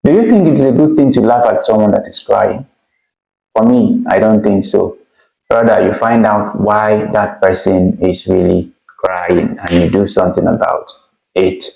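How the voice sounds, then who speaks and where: Nigerian guy teaching igbo phrases, low gravelly voice, says things slow and repeats them, echoey room. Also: steady tone, dark tone. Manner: slow, deliberate repetition of phrases. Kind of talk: casual language lesson.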